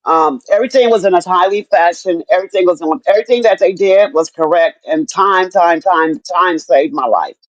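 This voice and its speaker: A woman's voice: on the low side, fairly quick, few pauses, no echo, muffled recording. An older woman and grandmother speaking candidly in a casual chat, often repeating herself and cursing freely. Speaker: stroke survivor sharing her story.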